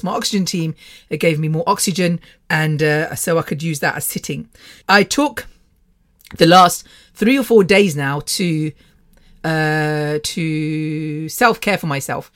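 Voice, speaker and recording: A woman's voice: low-pitched, a little slow. A middle-aged British woman hosting her podcast, telling a personal story in a rambling, chatty way and laughing often. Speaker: podcast host. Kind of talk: casual personal monologue.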